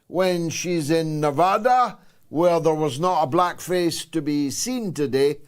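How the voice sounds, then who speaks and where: A Scottish man in his sixties hosting a political talk show, delivering a sarcastic, emphatic monologue with dramatic pauses. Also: on the high side, clear, resonant tone. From Scotland. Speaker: host.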